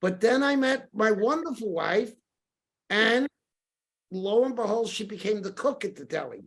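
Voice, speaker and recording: A man's voice: high voice, moderate pace, creaky. Older New man telling stories. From New York. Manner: lively anecdotal storyteller, acts out quoted dialogue. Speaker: podcast guest. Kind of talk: casual storytelling interview.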